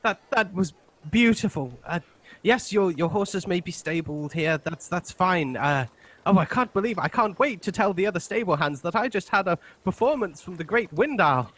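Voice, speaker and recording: A man's voice: sits high, expressive, normal speed, fairly bright tone, pitched above the performer's own voice. A man doing a gushing, teary stable hand. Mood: awestruck. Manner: gushing, stammering.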